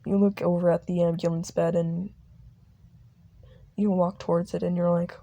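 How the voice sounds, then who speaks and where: A young woman narrating a fan audio drama slowly, halting and restarting. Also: fairly low pitch, little pitch movement, warm tone.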